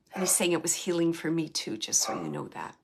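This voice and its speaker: Against a noisy background, a low-voiced woman hosts a show and gives live mediumship readings. She talks earnestly and directly to the sitter, frequently repeating her phrases.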